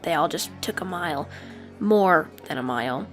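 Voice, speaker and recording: A woman narrating an audiobook with expressive storytelling. Her pitch moves in a lively way through each sentence. Faint music plays behind her. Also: moderate pace.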